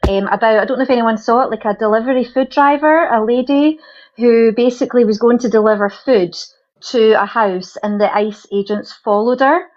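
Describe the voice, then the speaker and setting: A woman's voice: on the high side, brisk, darkish tone, lo-fi sound. A woman in a casual group chat earnestly recounting things at length. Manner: earnest, rambling storyteller. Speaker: live chat participant.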